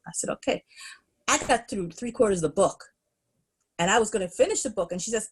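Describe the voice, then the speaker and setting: A middle-aged woman, a podcast guest, telling school stories in an animated, laughing way. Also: mid-range voice, brisk, breathy edge. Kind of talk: storytelling in a podcast interview.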